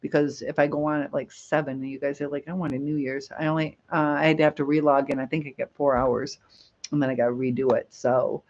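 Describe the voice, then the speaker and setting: A woman's voice: sits low, steady tone, fast, darkish tone, dull audio. A woman hosting a casual live stream, chatting and reading viewer comments aloud with frequent laughs.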